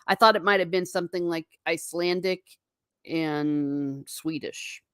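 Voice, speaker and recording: Low-voiced woman chatting on a stream. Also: a bit bright, smooth, no room sound, studio quality. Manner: chatty, wandering, quick asides to herself. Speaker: livestream host. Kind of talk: casual chat with viewers.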